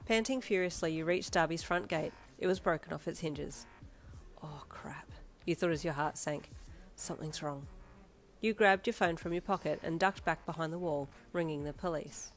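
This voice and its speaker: A woman narrating a second-person fanfiction story with dramatic, expressive delivery. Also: on the low side, brisk, few pauses, soft background music.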